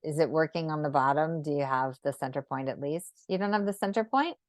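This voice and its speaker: A woman leading a live online geometry drawing lesson, speaking gently and unhurriedly and often checking in with "right?". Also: low-pitched, a little fast, dry recording. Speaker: sacred geometry teacher.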